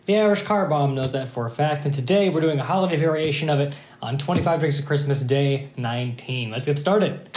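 A man's voice: on the high side, a little fast, darkish tone. Chatty man in an echoey room. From Michigan, USA. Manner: chatty and self-mocking, with frequent fillers and laughs. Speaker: host, former bartender. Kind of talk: casual cocktail review vlog. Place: home bar. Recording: echoey room with faint guitar music.

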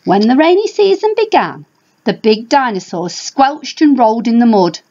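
Brief: woman storyteller for young kids, high, very expressive read-aloud, dull lo-fi home recording. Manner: animated, drawn-out emphasis. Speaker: storybook reader for a primary school.

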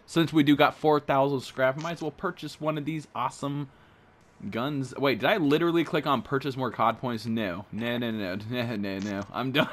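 A young man giving casual commentary as he opens in-game supply drops, excitable and full of slang. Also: mid-range voice, normal speed. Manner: excitable, slangy, thinks aloud. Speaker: gaming streamer.

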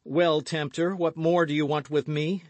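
A man's voice: fairly high pitch, flat delivery, normal speed, darkish tone, no room sound, voice pushed up, lightly acted. A man voicing an eager, hot-headed young male swordsman in an audiobook.

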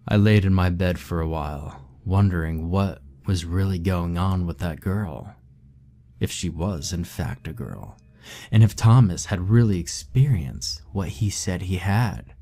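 A man with a deep, mellow voice reads a scary first-person tale. His delivery is steady and somber, keeping a slow, even hold on the listener. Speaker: narrator. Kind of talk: horror story narration.

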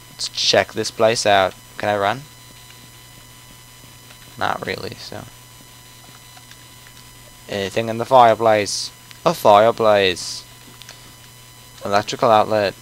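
A man's voice: fairly low pitch, fairly even intonation, measured pace, pauses often, low-quality recording. A man giving playful game commentary, goofy and joking in an offhand way.

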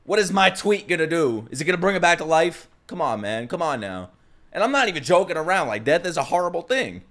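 A man's voice: fairly high pitch, very animated, quick pace, fairly bright tone. A young man with a New York accent, ranting heatedly and profanely in a vlog. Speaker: YouTuber.

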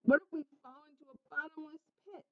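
A woman's voice: sits high, fairly quick, pitched above the performer's own voice. A woman voicing a flock of timid chickens from a storybook, asking anxious, worried questions. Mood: fretful. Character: four timid fretting chickens. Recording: slightly muffled lo-fi recording.

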